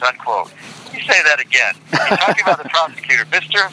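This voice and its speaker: Older male interview guest, bright, fairly high voice, deliberate and aggrieved. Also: sing-song, slight background noise, rough recording. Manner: deliberate, indignant, repeats quotes for emphasis. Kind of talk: reading court transcript quotes aloud.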